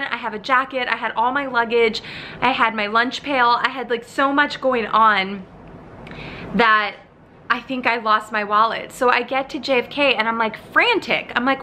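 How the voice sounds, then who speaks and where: Young female vlogger, chatty storyteller with a bright, raised voice, recorded on a phone at home. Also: fairly high pitch, a little hiss or hum. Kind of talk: casual vlog chat. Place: home apartment.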